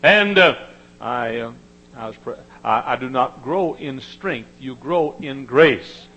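A man preaching a sermon, with emphatic repetition and dramatic swings from hushed tones to shouting. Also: mid-range voice, lively intonation, slow, lo-fi sound, a little hiss or hum.

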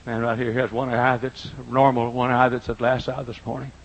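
An older man preaching a folksy sermon in a church, swinging from quiet asides to loud, drawn-out emphasis, with a husky voice. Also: mid-range voice, little pitch movement, low-quality recording. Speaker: pastor. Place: church auditorium.

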